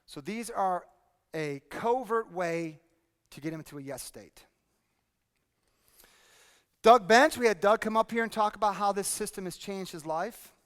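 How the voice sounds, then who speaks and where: A man presenting a workshop to a live audience, energetic and drilling the room with repeated questions. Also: high-pitched, a little slow, long pauses, smooth. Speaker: speaking coach presenting a workshop. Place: conference hall with audience. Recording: long hall reverb.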